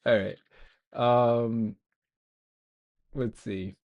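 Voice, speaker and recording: A young man chats loosely with himself while he builds a game on a live stream. His talk is slow and unhurried, with a middle-pitched voice, and he wanders between thoughts with self-mocking asides. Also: steady tone, narrow, tinny audio. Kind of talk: casual live-stream coding chat.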